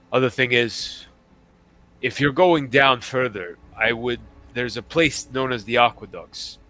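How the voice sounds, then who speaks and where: Male GM doing retired pirate warden NPC, gruff, measured, low. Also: bright, forceful tone, slight background noise, low-quality recording.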